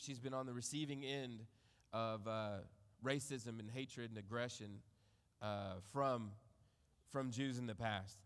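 In a large hall, a pastor delivers a sermon, measuredly reading from scripture and musing on it. His voice is medium in pitch, and his phrases taper off gently at the ends.

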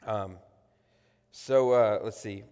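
Earnest pastor in an echoing hall. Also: male voice, on the low side, a little mellow, clean tone. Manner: earnest, halting with many fillers and restarts. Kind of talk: sermon. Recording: long echoey hall reverb.

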